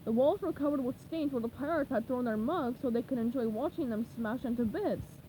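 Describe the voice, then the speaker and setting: A woman reading a children's chapter book aloud in a lively, expressive way. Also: on the high side, fairly quick, hardly any pauses, a little hiss or hum, rough recording. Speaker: storybook reader.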